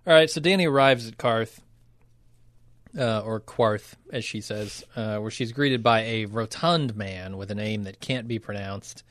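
A man co-hosting a podcast, recapping an episode in casual chat, wry and quick to laugh. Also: fairly low pitch, a bit bright, no room sound. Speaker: podcast co-host.

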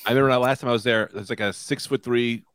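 A man's voice: medium pitch, fast talker, no room sound, studio quality. A man riffing and telling jokey stories on a comedy podcast. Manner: animated, joking storyteller. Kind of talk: casual comedy podcast banter.

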